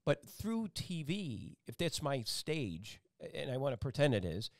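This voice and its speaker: A man's voice: medium pitch, sing-song, unhurried, gravelly, no room sound, studio quality. A man hosting a casual talk-show interview, rambling and emphatic, with many restarts. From Italian-American family. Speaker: talk show host and meteorologist.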